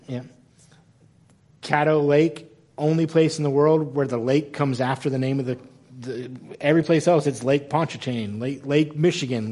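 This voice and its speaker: A male pastor preaching a sermon in a church in the American South, with a fairly high voice for a man. He talks in an animated way, corrects himself mid-sentence and acts out the people in the passages he reads.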